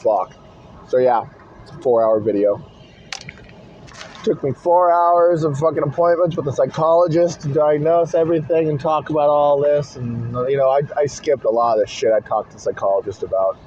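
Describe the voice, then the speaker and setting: A man's voice: fairly high pitch, moderate pace, warm tone, a little hiss or hum. A man rambling in a casual vlog from inside his car, blunt and swearing constantly, recorded on a phone camera in a car holder. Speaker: vlogger. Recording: dull lo-fi phone audio in car.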